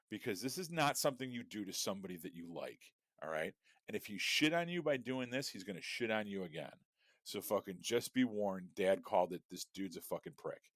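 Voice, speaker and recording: A man's voice: fairly low pitch, fairly bright tone, no echo, clean studio sound. A middle-aged man co-hosting a podcast, telling a story in a profane, exasperated rant. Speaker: podcast co-host. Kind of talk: casual storytelling chat.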